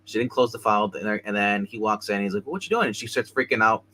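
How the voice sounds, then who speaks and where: Male co-host, bright and forceful voice, rambling episode recap full of restarts. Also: lowish voice, level tone, poor audio. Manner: rambling, halting, many restarts. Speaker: show co-host.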